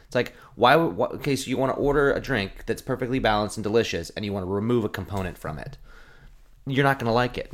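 A sarcastic man in his thirties rants about his work as a bartender, swearing freely. His delivery is blunt and mocking, in loose, casual chat. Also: fairly low pitch. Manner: profane, ranting, sarcastic.

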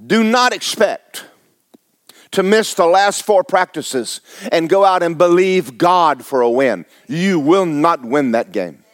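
High-voiced pastor preaching bluntly. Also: male voice, animated, takes it slowly, dry recording. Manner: blunt, exhorting, rhetorical questions to the congregation. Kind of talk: sermon.

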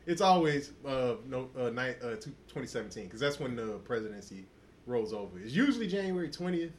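A man's voice: medium pitch, very animated, brisk, a little hiss or hum. A man co-hosting a podcast in casual chat, trading profane jokes and breaking into laughter. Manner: profane, joking banter with bursts of laughter. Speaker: podcast co-host.

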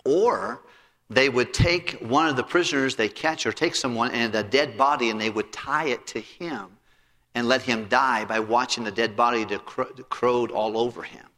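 A preacher telling a sermon story with lively storytelling and frequent restarts. His voice is bright and forceful, with a middle pitch, and it carries a long hall reverb. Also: normal speed.

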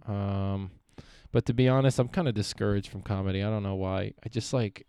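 A man's voice: on the low side, a little fast, warm tone, smooth, no echo, clean studio sound. A young man hosting a solo podcast, rambling and swearing freely, often trailing off and restarting. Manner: profane, meandering, self-interrupting. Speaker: podcast host.

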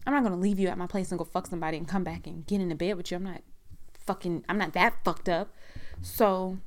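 A woman's voice: medium pitch, normal speed. A woman telling a personal story in a frank, profane, rambling conversational way.

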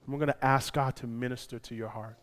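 A male pastor preaching a sermon, moving from quiet personal storytelling to loud, impassioned preaching. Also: medium pitch, steady tone, fast, soft background music.

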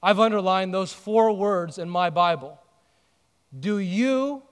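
A pastor delivers a sermon in a notably high-pitched male voice. He tells the story with lively animation and trades jokes with the congregation. His voice rings out with the long reverb of a large hall. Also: a little slow. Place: church auditorium.

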